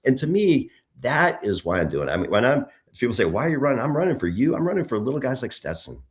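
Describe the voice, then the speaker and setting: A middle-aged man, a political candidate, talks fast and with few pauses in a mid-range voice during a conversational interview. He tells his stories with animated energy, restarting often and repeating words.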